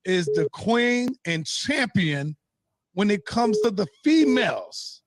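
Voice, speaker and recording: Guy hosting a debate show, high voice, dry sound, keeps saying brother and telling folks to calm down. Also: slow, no room sound. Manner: calls everyone brother, tries to calm things down. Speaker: host and moderator. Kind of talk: moderating a live debate show.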